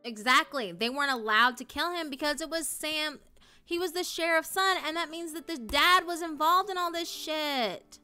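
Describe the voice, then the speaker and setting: A young woman streaming live, chatting casually and emotionally, swearing often and swinging between loud outrage and low dejected mumbling. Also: moderate pace, faint music behind. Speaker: streamer reacting to a story.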